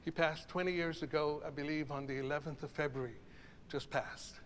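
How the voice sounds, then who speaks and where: A man's voice: a little high, steady tone, brisk, fairly bright tone, slight background noise. Man coaching a choir in a reverberant hall. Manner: encouraging, reflective, coaching. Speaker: choral conductor. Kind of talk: teaching a choral masterclass. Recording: reverberant hall, faint ambience.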